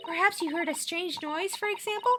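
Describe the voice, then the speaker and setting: A woman's voice: very high voice, a little fast, heavy background noise, pitched above the performer's own voice. A woman voicing a polite, earnest young assistant. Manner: courteous, formal. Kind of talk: reading game dialogue aloud.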